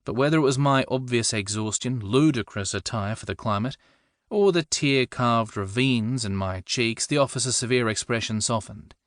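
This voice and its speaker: A man's voice: medium pitch, moderate pace, no room sound. A man reading first-person narration for an audiobook with a dry, wry comic delivery.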